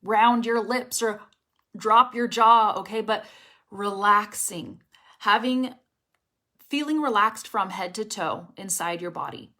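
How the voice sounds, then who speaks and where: A young adult woman teaching an online English pronunciation lesson, lively and encouraging, often checking in with the viewer. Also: medium pitch.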